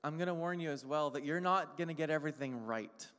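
A male pastor delivers an emphatic sermon in a high voice, piling up short phrases one after another. His words echo with a long reverb, as if spoken in a large church hall. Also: a bit bright. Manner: emphatic, repeats short phrases, slows down on key lines.

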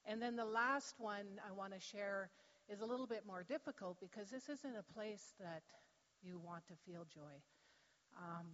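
A woman sharing a personal testimony in church, telling her story in an animated way and laughing easily. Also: mid-range voice, moderate pace. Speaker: church member giving testimony. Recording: dull sound with long hall reverb.

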